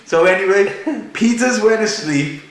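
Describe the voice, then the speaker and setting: A man, hosting a podcast and telling a story in casual, animated chat, laughing as he goes. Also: sits high, normal speed, slight background noise. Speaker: podcast host. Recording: echoey room.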